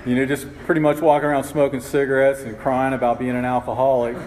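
A man's voice: medium pitch, little pitch movement, fast. Rambling, self-mocking man in an echoey hall. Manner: self-mocking, rambling, full of "you know". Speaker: speaker sharing his recovery story. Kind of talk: humorous storytelling talk. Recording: echoey hall with faint background noise.

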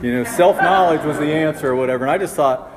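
A man's voice: fairly high pitch, fast talker. A man in his fifties tells a personal story to a group, rambling and poking fun at himself, with "you know" in nearly every line. His voice carries a long reverb from a meeting hall, and a faint room hum sits underneath. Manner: rambling, self-mocking, heavy on "you know" fillers. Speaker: speaker sharing his story.

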